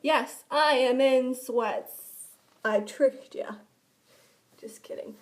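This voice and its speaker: High-voiced chatty woman vlogging. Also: very slow. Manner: rambling, chatty, many filler "like"s. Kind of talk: casual vlog chat. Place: indoors at home, by a window.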